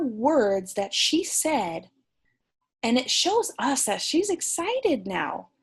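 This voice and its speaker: A woman teacher reads a picture book to young children, moving slowly and pausing to ask them questions. Her voice sits a little high, with a husky, gravelly texture. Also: big pitch swings. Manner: slow, gentle and encouraging, with questions to the class. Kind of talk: reading a picture book aloud to young students.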